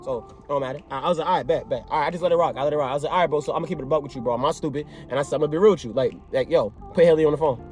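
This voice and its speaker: A young man vlogging a storytime, excitable and slang-heavy, acting out both sides of a conversation. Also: fairly high pitch, racing, few pauses, faint music behind. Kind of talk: animated storytime vlog.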